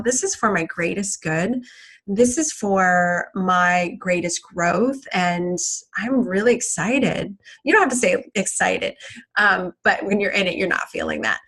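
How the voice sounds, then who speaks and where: A woman's voice: mid-range voice, fairly bright tone, poor audio. Middle-aged woman coach, casual encouraging delivery, fillers and restarts, mid-range voice. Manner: chatty, encouraging, many fillers and repeats. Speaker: life coach. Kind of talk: solo motivational talk.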